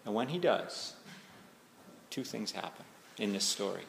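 Man, pastor, sermon, gravelly voice, conversational, echoey church hall. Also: lowish voice, animated, fairly bright tone, a little hiss or hum. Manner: conversational and searching, slows down for emphasis. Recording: echoey hall with faint ambience.

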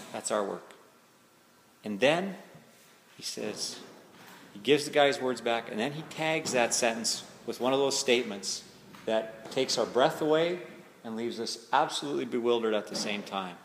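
A pastor delivers a sermon with a gravelly, rough-edged voice, talking to the congregation in a searching, conversational way. He drags out key phrases for weight. His voice rings through a reverberant hall with a faint room hum behind it. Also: medium pitch. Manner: conversational and searching, slows down for emphasis. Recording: echoey hall with faint ambience.

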